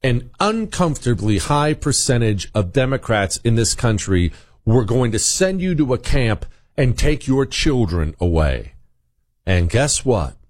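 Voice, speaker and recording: A man's voice: mid-range voice, very animated, a little slow, darkish tone, no room sound, clean studio sound. Combative male talk radio host. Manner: combative, emphatic, sarcastic. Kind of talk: political talk radio monologue.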